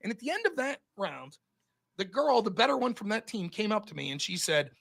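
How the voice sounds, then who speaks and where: A man in casual podcast chat, telling stories in an animated, profane way into a close mic. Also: high voice, a little fast, creaky. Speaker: podcast host and debater.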